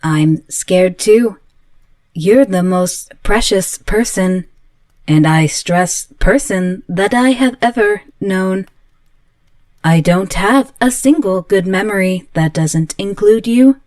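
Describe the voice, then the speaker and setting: Woman voicing an obsessive yandere android, slow and pleading. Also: medium pitch, a little mellow, no room sound, studio quality, natural voice. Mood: anxious. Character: obsessive yandere female android, clingy and volatile. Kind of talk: audio roleplay.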